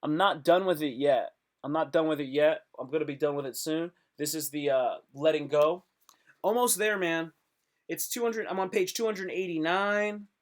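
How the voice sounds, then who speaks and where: A man's voice: on the high side, normal speed. A young man hosting his own live stream, talking to viewers in a hyped, rambling, self-motivating way. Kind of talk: casual live stream monologue.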